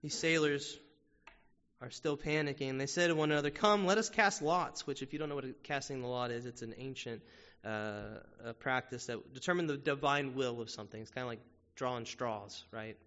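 A man's voice: mid-range voice, steady tone, normal speed, fairly bright tone. A man preaching a sermon as pastor, talking to the congregation in a conversational way with frequent rhetorical questions. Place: church sanctuary. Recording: muffled sound with long hall reverb.

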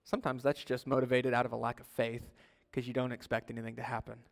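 A man's voice: level tone, fast, gravelly. Earnest preacher man in a reverberant hall. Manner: earnest, swinging from loud urging to soft low pleading. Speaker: pastor. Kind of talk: sermon.

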